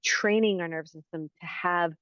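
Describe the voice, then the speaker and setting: Woman healing coach, steady teacherly explainer, lo-fi remote sound. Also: lowish voice, normal speed, no room sound. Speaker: inner-child healing coach. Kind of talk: explaining in an interview.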